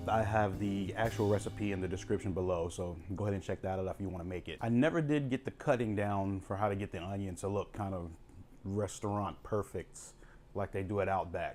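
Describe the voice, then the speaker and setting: A man giving a relaxed, chatty cooking demonstration with step-by-step tips for his vlog. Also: low-pitched, a little hiss or hum. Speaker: cooking vlogger. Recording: home video with music behind.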